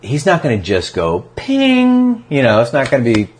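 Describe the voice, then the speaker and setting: A man as a podcast guest, talking casually about recovery and acting out quotes in animated stories. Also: mid-range voice, fast talker.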